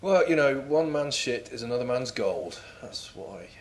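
A man's voice: mid-range voice, expressive, normal speed. A man in his forties co-hosting a comedy chat with dry, mock-serious wit. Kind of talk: comedic banter.

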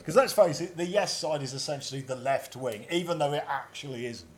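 A man, co-hosting a comedy podcast with mock-serious, deadpan banter. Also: fairly high pitch, brisk.

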